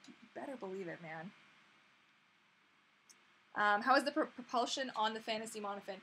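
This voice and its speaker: Young female host, casual live Q&A, bubbly and squealy, fairly high, bright tone. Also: lively intonation, normal speed, slight background noise. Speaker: mermaid channel host. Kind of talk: live-stream Q&A chat.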